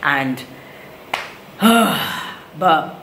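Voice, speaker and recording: A woman from Nigeria shares a story on her vlog in casual, animated talk. Her voice sits a little low and bounces off the walls of an echoey room. A faint hiss sits under her words. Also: drawn-out words, vocal fry. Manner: animated retelling, acts out others' lines. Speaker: vlogger, new mother. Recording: roomy echo, faint background noise.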